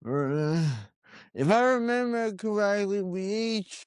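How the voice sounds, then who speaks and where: A man co-hosting a casual podcast, talking haltingly with lots of pauses and restarts. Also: sits high, animated, smooth, no room sound, clean studio sound. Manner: hesitant, many fillers and restarts. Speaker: podcast co-host. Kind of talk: casual chat about wrestling predictions.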